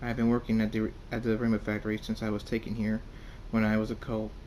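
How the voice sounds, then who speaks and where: A man reading his own fan fiction story aloud in the first person, halting and repeating words. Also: lowish voice, monotone, a little mellow, slight background noise.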